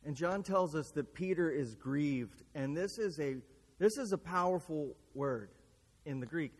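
A male preacher with a notably high voice delivers a sermon slowly and earnestly, leaning on rhetorical questions as he retells a scripture story. His words ring out with a long reverb, as if he is recorded in a large hall. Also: lively intonation.

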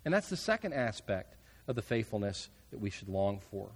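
A man preaching a sermon, earnest with casual asides, trailing off softly at the ends of phrases. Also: on the low side, sing-song, a little fast, in a large hall. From United States. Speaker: pastor.

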